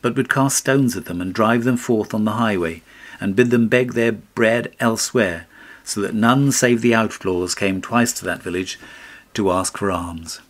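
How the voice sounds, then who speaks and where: A man reading a fairy tale aloud as an audiobook narrator, in a measured storytelling manner. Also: lowish voice.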